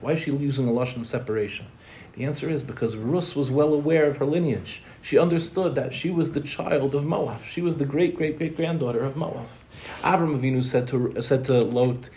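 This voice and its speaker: A young man teaching a Torah class in a quick, joking way, throwing rhetorical questions at his listeners. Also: medium pitch, a little mellow, slight background noise.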